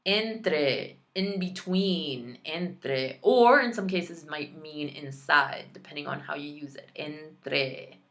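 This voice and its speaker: Slow-spoken, low-voiced woman teaching Spanish. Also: a bit bright. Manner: slow, careful enunciation of practice words; chatty, playful asides. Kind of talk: online language lesson.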